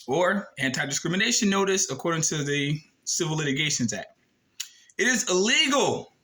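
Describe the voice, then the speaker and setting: A man's voice: a little high, big pitch swings, normal speed, sharp tone, rough recording. A man casually explaining a form and reading it aloud, talking bluntly with emphatic rhetorical questions and some swearing. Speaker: video presenter.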